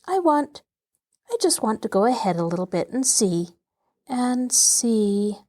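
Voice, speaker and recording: A woman's voice: a little high, very animated, a little slow, darkish tone. A woman doing a scared girl trying to sound firm. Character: scared but brave young girl trying to stay calm.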